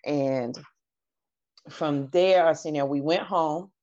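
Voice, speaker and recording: Earnest woman guest, lower voice. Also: slow pace, mellow. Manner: earnest, candid, retells dialogue in her own voice. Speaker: podcast guest. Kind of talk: personal storytelling interview. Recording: dull lo-fi audio.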